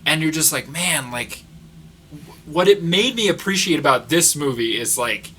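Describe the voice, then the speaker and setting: A man co-hosting a casual movie podcast, talking in an animated, rambling way full of fillers. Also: a little high, normal speed, a little hiss or hum. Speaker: podcast co-host. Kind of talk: casual chat.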